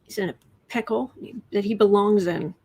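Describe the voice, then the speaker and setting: A woman's voice: mid-range voice, moderate pace, breathy edge. A woman hosting a livestream, reading viewer comments aloud and chatting, sometimes dropping to a whisper or cooing to her pet. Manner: chatty, drifts into soft whispers and coos to a pet. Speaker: astrology and tarot channel host.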